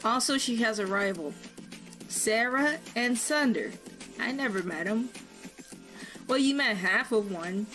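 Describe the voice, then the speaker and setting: A woman's voice: fairly high pitch, animated, a little slow, pauses often, sharp tone. Sarcastic woman narrating a commentary video. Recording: video narration over faint music.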